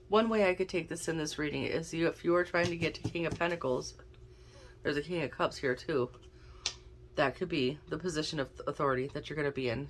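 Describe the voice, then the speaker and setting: Chatting and musing aloud as she pulls cards, a woman gives a relaxed tarot and oracle card reading. Her voice is low-pitched, and a faint hiss or hum runs under the recording. She's an intuitive card reader.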